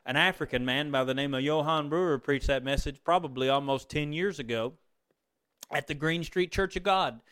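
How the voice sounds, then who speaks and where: A middle-aged man preaching a sermon, moving between fervent exclamations and quiet, tender storytelling. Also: fairly high pitch, clean tone.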